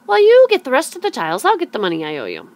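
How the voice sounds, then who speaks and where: A woman's voice: sits high, wildly swooping pitch, very fast, pitched above the performer's own voice. A woman voicing a bossy, snappish grown stonemason in a read-aloud storybook. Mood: patronizing. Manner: snappish, dismissive.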